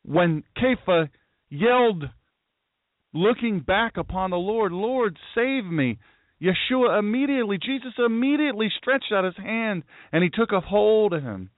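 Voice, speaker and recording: A man's voice: high-pitched, animated, moderate pace, no room sound, phone-quality sound. A man preaching a sermon who tells the story dramatically and acts out the voices of the people in it. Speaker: pastor.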